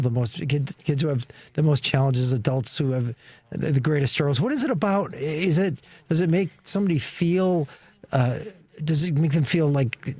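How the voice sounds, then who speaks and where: A man's voice: fairly high pitch, darkish tone, no room sound. A man, a former state senator, co-hosting a radio talk show in studio, earnest and searching as he talks. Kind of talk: casual political chat.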